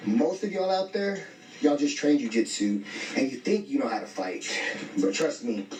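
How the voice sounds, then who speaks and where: A man's voice: medium pitch, expressive, normal speed, mellow. A man telling a story in casual street slang, bluntly quoting himself and others as he goes. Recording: echoey, distant, faint music.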